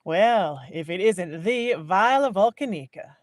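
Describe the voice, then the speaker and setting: A woman voicing a gentle, eager man who owns a flower shop. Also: fairly low pitch, lively intonation, moderate pace, dry recording, lightly acted.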